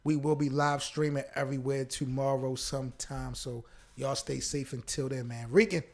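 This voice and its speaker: A man's voice: mid-range voice, fairly even intonation, normal speed, gravelly. A man co-hosting a casual live-streamed chat, talking in a laid-back, slangy way and ending phrases with "man". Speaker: co-host.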